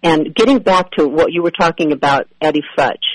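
Woman, radio guest, husky voice, fairly high, dry sound. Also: fairly quick, no room sound, rough recording. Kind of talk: casual interview.

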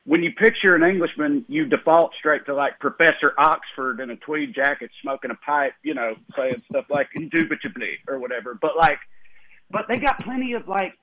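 A man with a Southern US accent talking as a guest, chatty and animated, with lots of "like". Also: a little high, normal speed, no room sound. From Tennessee, US South. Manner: animated, chatty, heavy use of "like". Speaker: guest author. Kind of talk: casual chat. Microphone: phone line. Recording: tinny phone line.

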